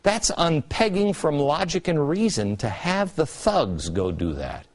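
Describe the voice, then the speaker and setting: A man in his forties delivers a political monologue, his pitch leaping up and down as he tosses out sarcastic rhetorical questions. He sounds like a TV commentary host working through a prepared rant. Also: very animated, unhurried.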